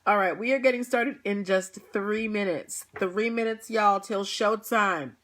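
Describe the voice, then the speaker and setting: A young woman with a medium-pitched, fairly bright voice talks a little slowly as she hosts a livestream. She's tired and yawning, laughing often during her casual pre-show chat with viewers.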